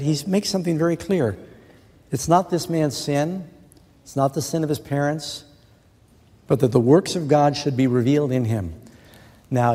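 A man preaching a sermon in an earnest way, asking rhetorical questions and slowing down to quote scripture. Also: mid-range voice, mellow. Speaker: pastor. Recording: long reverb of a large hall.

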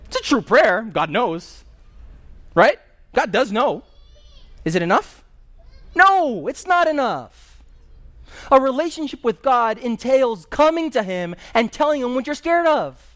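A man's voice: very high voice, big pitch swings, unhurried. A male pastor preaching a sermon in a conversational storytelling manner, with personal asides.

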